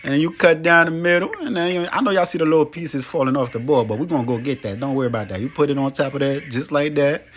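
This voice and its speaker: A man's voice: fast talker, hardly any pauses, a bit bright. A man giving playful, hyped casual commentary over a cooking video, talking straight to viewers. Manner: playful, hyped, chatty with frequent "boom" and "you know".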